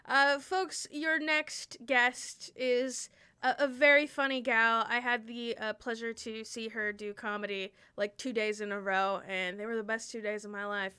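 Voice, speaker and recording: A woman hosting a comedy show over a video call, introducing the next comedian in a halting way full of fillers. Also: fairly high pitch, little pitch movement, pushed and bright, smooth. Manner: halting, slow, with many fillers.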